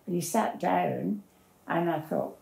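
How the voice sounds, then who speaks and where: A woman's voice: fairly low pitch, expressive, takes it slowly, creaky, dark tone. An older woman, telling her life story in a plain-spoken, rambling way as an interviewee. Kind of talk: personal storytelling. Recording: roomy echo.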